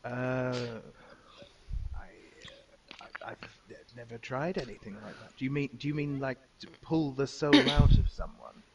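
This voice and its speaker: A man playing a hesitant mystic who reads auras, stammering and halting as he speaks. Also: mid-range voice, lively intonation, distant mic, highs cut off.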